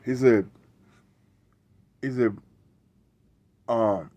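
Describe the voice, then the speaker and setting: A man's voice: medium pitch, drawn-out words, dark tone, muffled recording. A middle-aged man hosting a show, telling a casual story in a rambling way, repeating words and tagging lines with "right?". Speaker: show host.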